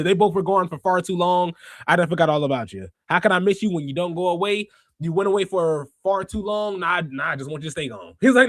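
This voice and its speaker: A young man hosts a wrestling podcast live, and his voice sits a bit high for a man. He rants in an animated, heated way and breaks into frequent laughs. The sound is close and dry, with no room echo. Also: quick pace. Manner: animated, ranting, laughs often. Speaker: podcast host. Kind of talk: casual livestream commentary.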